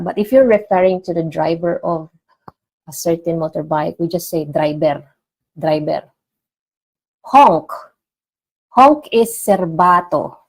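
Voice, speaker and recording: Woman, language teacher, low voice, slow careful repetition for learners. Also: rough recording. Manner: repeats each word slowly and clearly for learners. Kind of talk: casual online language lesson.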